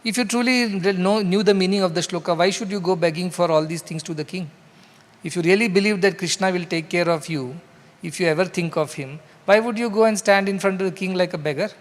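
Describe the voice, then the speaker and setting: A man with an Indian English accent speaks as a poor Brahmin's wise wife in a story, calm and reproving, in a reverberant hall. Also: high voice, fairly quick, close to an everyday voice.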